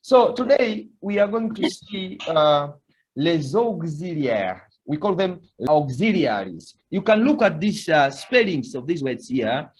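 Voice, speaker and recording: A man's voice: a little high, very animated, measured pace. A man teaching a beginner language lesson, patiently repeating words for students to echo. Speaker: French teacher.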